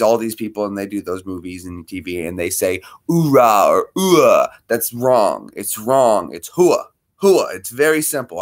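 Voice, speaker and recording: A man hosting a casual livestream, greeting viewers by name and talking to his dog between topics. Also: lowish voice. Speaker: livestream host.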